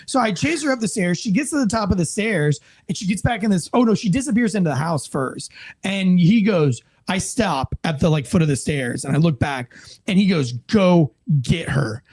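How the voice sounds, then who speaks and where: An American man and former police officer telling a story in a casual interview, animated and profane, acting out the people in it. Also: high-pitched, fairly quick, husky. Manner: animated, profane, acts out quoted voices.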